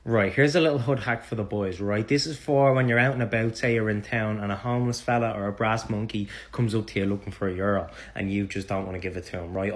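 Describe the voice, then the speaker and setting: A man's voice: lowish voice, fairly bright tone. A young man with a Dublin accent gives mock-serious advice in a satirical comedy monologue, swearing casually. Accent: Dublin Irish.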